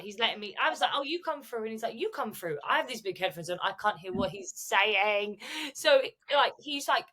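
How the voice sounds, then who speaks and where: A woman's voice: medium pitch, sharp tone. A young woman, co-hosting a podcast in casual chat and acting out the voices in her stories. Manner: chatty storyteller, acts out quotes. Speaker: podcast co-host.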